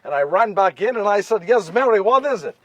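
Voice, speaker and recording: A solo stage performer with a high, expressive voice speaks a little fast, captured far from the mic with no room sound, in front of a live audience. In a first-person dramatic monologue he plays young, nervous Joseph, telling his story wryly with repetition and self-corrections.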